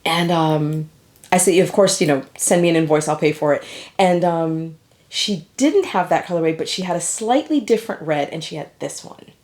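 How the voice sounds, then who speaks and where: A woman's voice: deep voice, moderate pace, a little mellow. A middle-aged woman talking casually to camera as a knitting vlogger, chatty and sentimental, laughing easily.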